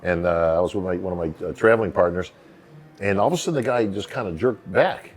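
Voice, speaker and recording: New york guy in his 50s, lowish calm voice, rambling chatty stories. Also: fast talker. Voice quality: distinct, calming voice. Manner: rambling storyteller, many "you know" fillers. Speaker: bodybuilding emcee, guest. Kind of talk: casual podcast conversation.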